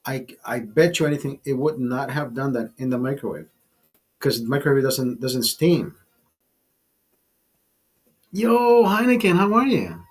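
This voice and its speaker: A man's voice: medium pitch, normal speed, darkish tone, slightly rough. A man hosting a live stream, chatting casually over a beer, rambling and swearing, laughing at his own jokes. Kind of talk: casual chat over beers.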